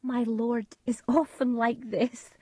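A woman voicing a cold, controlling queen who speaks in hushed, urgent tones, in a storybook reading. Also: a little high, little pitch movement, slow pace, husky, no room sound, voice pushed up.

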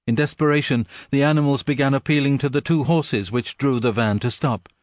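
A man's voice: medium pitch, brisk, no echo. Man narrating a story in a dry close voice. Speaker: audiobook narrator. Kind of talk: scripted narration.

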